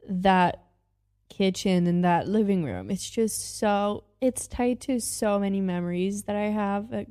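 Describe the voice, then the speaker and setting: A young woman hosting a podcast, reacting in a casual, excitable way and repeating her exclamations. She talks at an unhurried, drawn-out pace, with a voice in the middle of the usual range for a woman. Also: medium pitch. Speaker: podcast host.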